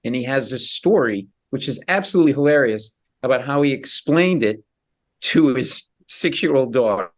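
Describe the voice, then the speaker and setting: Brief: middle-aged male comedian, mid-pitch, animated raconteur, slips into character voices. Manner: animated, acts out quoted voices, quick asides. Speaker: comedian guest. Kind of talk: radio interview storytelling.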